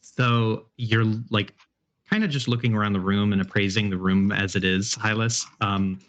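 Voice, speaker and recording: A man running a tabletop horror game as game master, describing scenes in a relaxed way with many fillers. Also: lowish voice, moderate pace.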